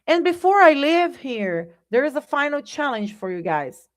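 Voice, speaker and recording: A woman teaching a live online English lesson, speaking deliberately and often checking in with "right?". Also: sits high, very animated.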